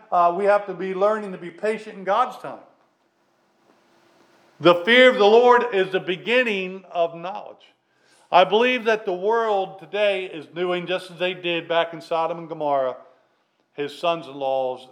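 A man preaching a sermon in an earnest, halting way, with restarts and fillers, loud on key lines and dropping quiet at their ends. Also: high voice, poor audio. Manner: swings between loud emphatic lines and dropped, quiet endings.

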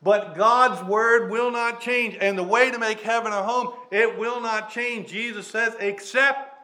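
Male preacher, high-pitched, emphatic and repetitive, halting fillers between points. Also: fairly even intonation, pushed and bright. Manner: preaches with emphatic repetition and drawn-out slow phrases. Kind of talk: sermon.

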